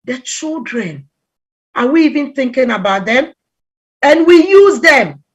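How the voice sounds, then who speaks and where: A middle-aged woman from Ghana giving a conversational talk on relationships, telling stories with lively acted-out quotes. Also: sits high, moderate pace. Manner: animated storytelling, acts out quoted voices. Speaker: relationship talk guest speaker.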